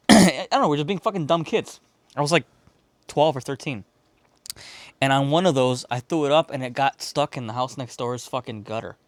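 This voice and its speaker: A podcast host from Chicago rambles through a story, swearing freely and acting out the voices of the people in it. His voice sits at an ordinary middle pitch for a man. The sound is dry and close, with no room around it. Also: moderate pace, dry recording. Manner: profane, rambling, animated retelling with quoted voices. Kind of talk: casual storytelling.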